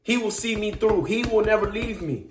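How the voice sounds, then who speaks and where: A man's voice: sits high, normal speed, reverberant, a little hiss or hum. A man preaching informally in an earnest, emphatic way, repeating and restarting his phrases as he builds each point. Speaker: speaker giving a devotional message.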